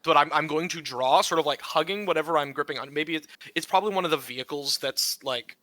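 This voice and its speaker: A man with a bright, sharp tone and a fairly high voice, playing a tabletop game. He thinks out loud and restarts his sentences often. The sound is dry and close, with no room echo. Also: fast talker. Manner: thinking aloud, hesitant restarts. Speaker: player. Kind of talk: casual tabletop game play.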